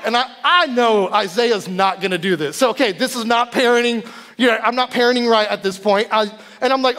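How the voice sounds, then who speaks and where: A man in his thirties preaches in a church sanctuary, his high voice trailing a long reverb through the room. He tells his stories with animation and acts out his family's voices. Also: a little fast, a bit bright. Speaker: guest preacher. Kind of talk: sermon with personal stories.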